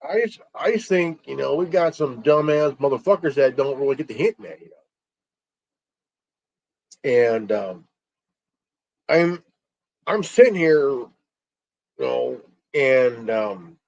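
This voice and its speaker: A man ranting alone on his stream, angry, stumbling and repeating words, swearing and filling pauses with ums. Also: medium pitch, animated, gravelly, darkish tone. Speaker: stream host. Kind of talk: angry solo rant. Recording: dull lo-fi stream audio.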